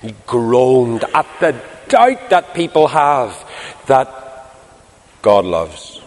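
Male preacher, sermon, expressive, moves from emphatic to hushed, mid-pitched voice, long reverb. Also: drawn-out words. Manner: expressive, swings from loud emphasis to hushed tenderness.

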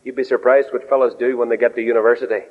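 A man preaching a sermon in an animated way. He swings his pitch up and down, acts out quoted voices and drops in humorous asides. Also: racing. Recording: dull lo-fi recording in a reverberant hall.

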